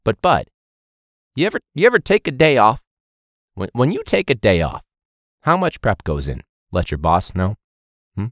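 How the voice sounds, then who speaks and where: A man hosts a casual podcast and rants with sarcasm, laughing and swearing mid-thought. His pitch swings widely from low mutters to high outbursts. The recording is dry and close-miked with no room sound. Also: very animated, normal speed, pauses often, a bit bright, no echo. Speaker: teacher and podcast host.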